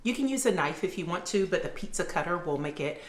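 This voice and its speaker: Cooking in her home kitchen for her vlog, a woman speaks quickly and expressively in a lowish voice, with reverberant sound. She keeps up a chatty, casual conversation with viewers, addressing them as "you guys."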